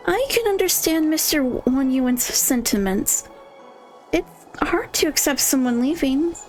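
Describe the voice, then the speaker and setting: A woman reading a game character's lines aloud in an earnest, measured way. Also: sits high, lively intonation, a little mellow. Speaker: streamer. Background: faint game music.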